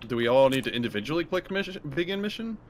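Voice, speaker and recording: A man's voice: on the high side, sing-song, very fast. A man chatting casually with friends while playing a game, blunt and swearing, explaining how things work. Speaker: player. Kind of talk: casual multiplayer gaming chat. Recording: noisy home mic.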